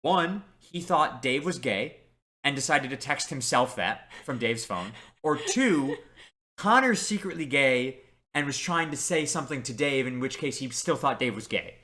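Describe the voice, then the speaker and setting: Young guy podcast cohost, bright tone, acts out all the people in his story. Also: mid-range voice, a little slow. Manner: animated anecdote-telling, quoting people in dialogue. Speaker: podcast co-host. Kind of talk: casual storytelling chat.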